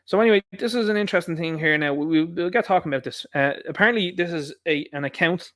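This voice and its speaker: A man's voice: on the high side, quick pace, fairly bright tone, no echo, studio quality. An Irish man giving opinionated solo commentary, combative and sarcastic with rambling asides. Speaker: political commentator.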